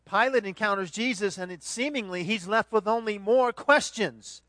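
A man preaching a sermon, moving between hushed reflection and loud, dramatic retelling of the scene. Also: high voice, moderate pace, dry recording. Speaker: pastor.

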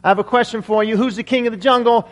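A man's voice: very high voice, fairly even intonation, fast. A boastful bully lion, told by a male preacher. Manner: boastful, demanding. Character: proud bullying male lion, king of the jungle.

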